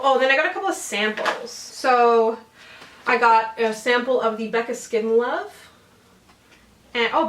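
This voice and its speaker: Brief: young female beauty vlogger, slightly high voice, rambling and chatty, picked up from across an echoey room. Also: a bit bright. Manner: chatty, laughs often, drifts off topic. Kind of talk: casual haul chat. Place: home room. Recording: roomy and distant home recording.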